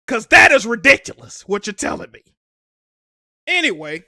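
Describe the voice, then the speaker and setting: A young man with a high voice rants profanely on a live stream about a game console event, sounding animated and exasperated. He speaks at a normal speed, and the recording is dry and studio-clean.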